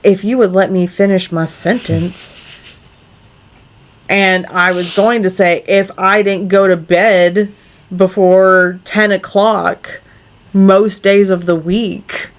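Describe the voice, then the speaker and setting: A woman's voice: mid-range voice, lively intonation, slow. A woman co-hosting a casual podcast at her microphone, talking earnestly and rambling with many fillers. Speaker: podcast co-host.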